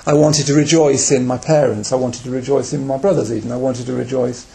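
A man's voice: mid-range voice, fairly even intonation, brisk, gravelly, dark tone. A man in his forties, speaking candidly and reflectively as a Buddhist speaker telling personal anecdotes on a retreat. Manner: candid, reflective, self-deprecating.

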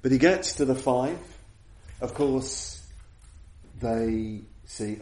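A man's voice: mid-range voice, drawn-out words, long pauses, darkish tone. A man giving a reflective Buddhist dharma talk as a teacher, retelling an old story in an earnest way and often restarting phrases. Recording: echoey room.

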